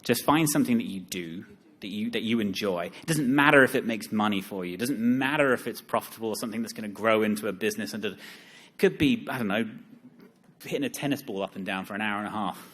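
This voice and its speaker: A young man speaking at a live seminar, joking and self-deprecating, with lively asides to the audience. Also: fairly low pitch, fast talker.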